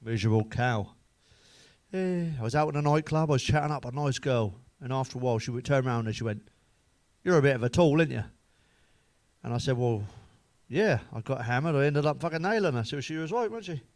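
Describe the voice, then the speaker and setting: A man runs through a string of crude jokes to camera, swearing freely. His voice sits at an ordinary middle pitch, and he chuckles at his own punchlines. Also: fast, dry recording. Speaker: comedian.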